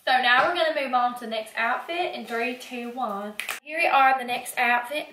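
Young woman talking thru a clothes haul, slightly high voice, teasing, echoey room. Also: lively intonation, measured pace, bright, forceful tone, slight background noise. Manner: chatty, teasing, playful. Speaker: fashion haul vlogger. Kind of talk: casual try-on haul chat.

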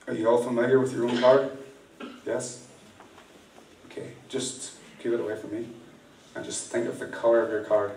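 A man's voice: on the low side, darkish tone. A man performing live mind-reading magic, playfully teasing and directing volunteers from the stage. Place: large indoor venue with audience. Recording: echoey room, distant mic, faint noise.

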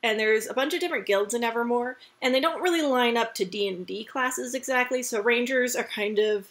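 A woman's voice: fairly high pitch, a little fast, a bit bright. A young woman vlogger telling a casual, chatty story about a park visit, full of fillers and asides.

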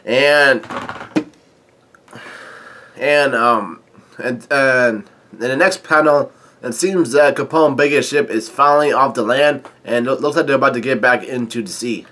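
Halting man reading a comic aloud. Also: mid-range voice, pushed and bright. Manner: halting, many fillers, chuckles at the story. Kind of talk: casual comic read-along with commentary.

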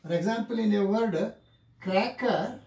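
A male teacher gives a slow, careful classroom lecture and repeats each example word several times. His pitch rises and falls a lot as he drills the words. The room sounds roomy and echoey. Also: expressive, darkish tone. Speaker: English pronunciation teacher.

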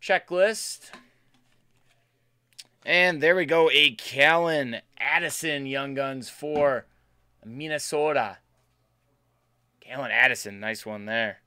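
Upbeat guy ripping card packs on a live stream, bright clear voice, just shooting the breeze with chat. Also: medium pitch, slow, long pauses, dry recording, clean studio sound. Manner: chatty, upbeat, banters with chat. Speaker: card break host.

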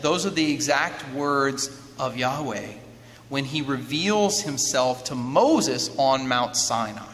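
A man giving a lively lecture, often turning to his listeners with quick questions to check that they follow. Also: on the high side. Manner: keeps checking in with listeners through rhetorical questions. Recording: long hall reverb with faint background noise.

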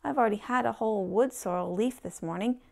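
A man voicing an eager little female elf who talks high and breathless, in a read-aloud storybook. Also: brisk, vocal fry.

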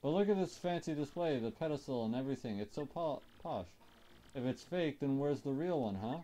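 A man voicing a boastful, gruff villainous turtle king while playing through a game. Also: medium pitch, expressive, fairly quick, warm tone, close to an everyday voice. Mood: indignant. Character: bellowing brutish male turtle king villain. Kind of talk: let's play character voicing.

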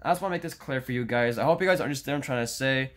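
A young man in his late teens talks straight to his viewers in a casual vlog rant. He sounds fed up, circles back over the same points, restarts his sentences and swears freely. His voice sits at an ordinary middle pitch for a man. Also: racing, fairly bright tone. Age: young adult. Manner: frustrated, rambling with restarts and frequent swearing. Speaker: YouTuber.

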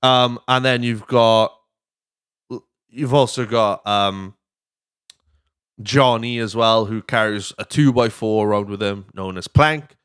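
A young male podcast host rambles casually from joke to joke, swearing freely in a somewhat low, smooth and resonant voice with a slight brightness. He takes it slowly with frequent pauses, recorded in studio quality with no echo.

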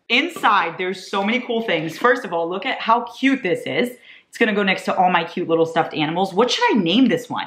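A young woman in her twenties chatting casually as a vlogger, gushing and excitable, laughing often. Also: medium pitch, normal speed, echoey room. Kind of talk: casual chat.

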